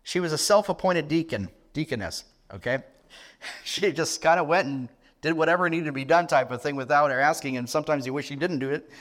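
A middle-aged man preaching a sermon in an earnest tone, asking rhetorical questions and restarting his phrases. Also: fairly high pitch.

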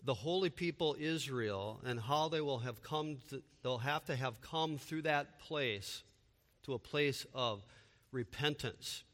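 Bright-voiced preacher in reverberant hall. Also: male voice, medium pitch, a little slow. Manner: emphatic preaching, repeated rhetorical questions. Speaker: pastor. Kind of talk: sermon.

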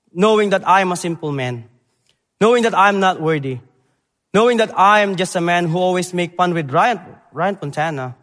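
A young man from the Philippines, preaching a sermon in halting English that moves between loud emphasis and quiet, earnest moments. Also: high-pitched. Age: young adult. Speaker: preacher, Bible college graduate. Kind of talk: church sermon and missions presentation. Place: church sanctuary. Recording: long church hall reverb.

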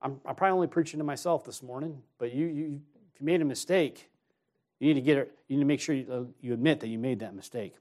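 A man, an associate pastor, preaching a sermon, telling a personal story in an easy conversational way and then exhorting more forcefully. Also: mid-range voice, quick pace. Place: church.

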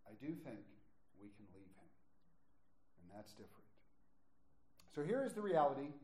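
Emphatic male pastor in an echoey room. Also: a little high. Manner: emphatic, drawn-out stresses, drops to quiet asides. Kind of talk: sermon.

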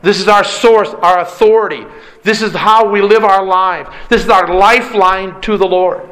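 High-voiced man preaching emphatically. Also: fairly even intonation, moderate pace, a bit bright, low-quality recording. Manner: emphatic, repetitive preaching cadence. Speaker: pastor. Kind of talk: sermon.

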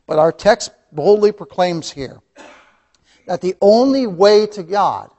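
Man, fervent Bible teacher with a slightly high voice; big swings from loud emphasis to near-whispers, repeats his points. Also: animated, slow pace. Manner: impassioned, swings from loud emphasis to hushed asides; calls listeners "beloved", repeats key phrases. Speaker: Sunday school teacher. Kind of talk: preaching a Bible lesson.

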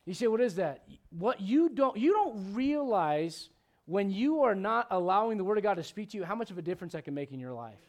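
A middle-aged man pastor preaching a midweek Bible study sermon, animated and conversational, with joking asides to the congregation. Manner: animated preaching, bursts of high-pitched emphasis, quick asides.

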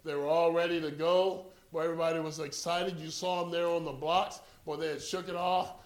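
A man preaching a sermon, telling a story and swinging from quiet narration to loud exhortation. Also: a little high, flat delivery, a little fast, roomy sound.

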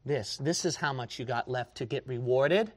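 A man preaching a sermon to his church, dropping to a hush and then rising to a shout as he mocks his listeners' excuses. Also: medium pitch, normal speed, a little hiss or hum. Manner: swings from hushed to shouting, mocks excuses in whiny voice.

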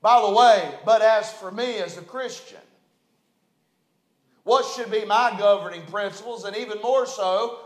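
A middle-aged man with a West Virginian accent preaching a folksy, conversational storytelling sermon in a church sanctuary. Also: sits high. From West Virginia, USA. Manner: folksy, conversational, repeats phrases. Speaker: pastor. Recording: roomy church echo.

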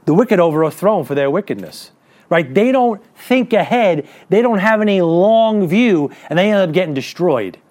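Male pastor, high and animated voice, casual preaching with rhetorical questions. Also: moderate pace. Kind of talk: sermon.

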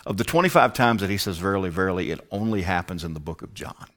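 A man's voice: sits low, expressive, fast, fairly bright tone. A man teaching a Bible study, emphatic and prone to rhetorical questions.

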